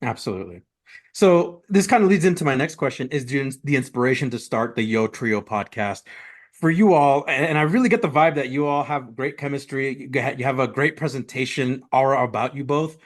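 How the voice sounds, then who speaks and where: A man hosting a podcast interview, asking questions and offering quick encouraging affirmations. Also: mid-range voice, expressive. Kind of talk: casual interview.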